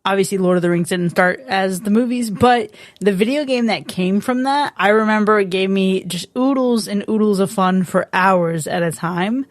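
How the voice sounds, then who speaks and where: A woman's voice: mid-range voice, normal speed, hardly any pauses, no echo. A woman co-hosting a podcast, chatting casually and candidly, swearing now and then. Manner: candid, swears casually, animated when excited. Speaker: podcast co-host. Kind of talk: casual chat.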